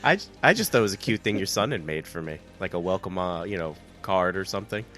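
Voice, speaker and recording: A man's voice: deep voice, expressive, quick pace, a bit bright. A man co-hosting a video game music podcast, stuffed up with a cold, with a dry sense of humor. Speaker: podcast co-host. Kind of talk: casual chat.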